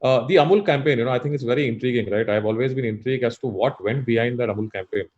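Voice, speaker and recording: A man's voice: medium pitch, racing, a little mellow. A man hosting the interview, asking questions in a casual way full of "you know" fillers. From India. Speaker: interviewer, host. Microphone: video call. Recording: muffled video call audio.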